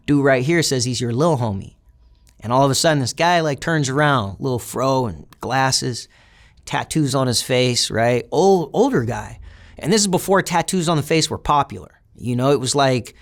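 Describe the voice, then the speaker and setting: Casting note: adult man, mid-range voice, recounting street life plainly and bluntly, with casual cursing. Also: medium pitch. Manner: blunt, swears freely, many fillers. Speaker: interviewee. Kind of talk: casual storytelling interview.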